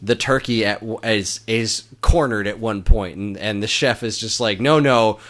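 A man with a fairly low voice chats casually and with enthusiasm. He laughs often and his talk is full of fillers and restarts. He keeps a loose, relaxed flow. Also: moderate pace. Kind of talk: casual chat.

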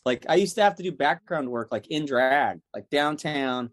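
A young man telling stories in a casual chat, animated, acting out the people he quotes. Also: mid-range voice, normal speed, hardly any pauses, no echo, studio quality. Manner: animated, acts out quotes in other voices.

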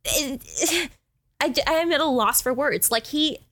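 A woman co-hosting a podcast, chatting casually and reading novel excerpts, animated, exasperated and swearing freely. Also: high-pitched, unhurried. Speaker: podcast co-host. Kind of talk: casual book-club chat.

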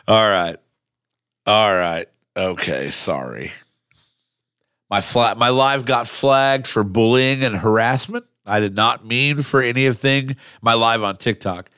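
Bright-voiced blunt male podcast host. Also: mid-range voice, unhurried, clean tone, no room sound, studio quality. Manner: animated, blunt, swears and laughs. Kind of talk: casual chat.

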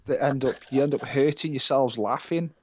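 A man's voice: medium pitch, moderate pace, dull audio, a little hiss or hum. A British man in his thirties, a musician, telling stories and swearing freely in casual podcast chat. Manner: sweary, storytelling, laughing often. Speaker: band musician guest.

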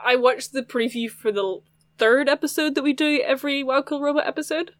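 A woman's voice: sits high, steady tone, fairly quick. A woman co-hosting a podcast, chatting casually and making goofy asides with a giggle. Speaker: podcast co-host. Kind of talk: casual chat.

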